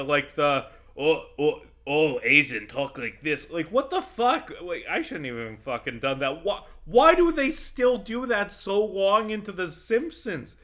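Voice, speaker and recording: A man's voice: sits high, a bit bright. A man rambling through casual commentary while playing a video game, swearing freely and swinging into heated rants.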